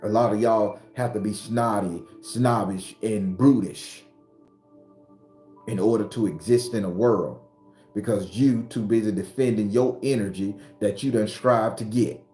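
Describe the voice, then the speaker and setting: A spiritual advisor with his own channel gives a blunt, profane, impassioned motivational monologue in a voice on the low side, at a measured pace. He's preachy and rises to shouts when retelling arguments, and the recording is roomy with faint background music.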